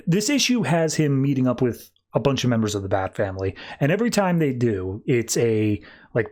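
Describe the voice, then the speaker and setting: A man's voice: medium pitch, darkish tone. Chatty man recapping comics. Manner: chatty, loose, full of fillers. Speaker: podcast host.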